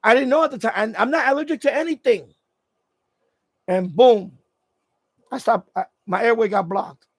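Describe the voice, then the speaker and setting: High-pitched, gravelly man chatting on a stream. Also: moderate pace, long pauses, no room sound. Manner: rambling storytelling with many restarts. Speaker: radio hobby channel host. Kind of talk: casual live stream chat. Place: at home, indoors.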